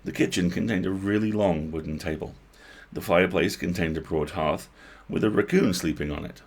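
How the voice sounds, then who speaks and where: A man reading a novel aloud on a livestream, expressive, breaking off to comment on lines he likes. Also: deep voice, a little fast. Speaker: host reading a book aloud.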